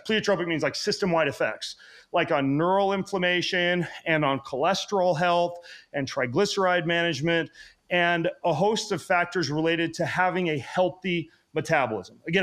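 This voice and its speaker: A man speaks as a guest on a podcast with a slightly high voice. He explains health habits at a quick clip, in a casual way full of fillers. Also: a bit bright. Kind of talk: casual interview chat.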